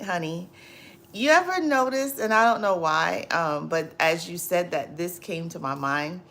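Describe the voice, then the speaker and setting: A woman hosting a casual livestream, laughing often and chatting with viewers in drawn-out, repetitive phrasing full of fillers. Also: on the low side, expressive, fairly bright tone. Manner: laughs often, reads and answers viewer comments. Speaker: livestream host.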